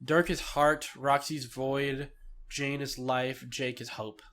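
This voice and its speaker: A man hosting a podcast, chatting casually, swearing freely and acting out characters in quick quoted voices. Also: medium pitch, little pitch movement, a bit bright. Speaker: podcast host. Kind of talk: casual chat.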